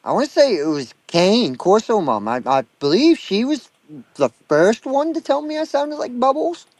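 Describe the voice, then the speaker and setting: A man's voice: extremely high pitch, sing-song, normal speed, darkish tone, no room sound. A man in his thirties with a Down East Maine accent, telling stories bluntly and with lots of swearing in casual chat. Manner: blunt, profane storytelling.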